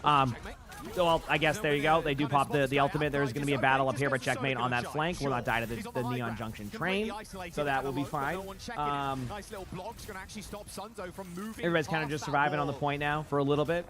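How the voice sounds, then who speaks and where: A man streaming live, giving rapid esports commentary in auctioneer-like patter as he reacts to a pro match. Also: medium pitch, steady tone, a crowd in the background.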